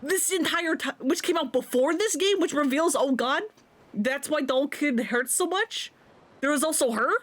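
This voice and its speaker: A woman's voice: sits high, moderate pace. A woman streamer giving casual, rambling gameplay commentary, laughing often.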